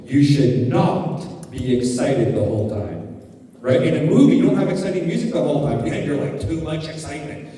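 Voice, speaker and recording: A man teaching storytelling to a live group, playful and animated, constantly shifting his voice from loud to hushed. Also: mid-range voice, moderate pace. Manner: animated, playful, lots of voice changes. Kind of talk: workshop talk with acted storytelling. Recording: echoey hall from far off.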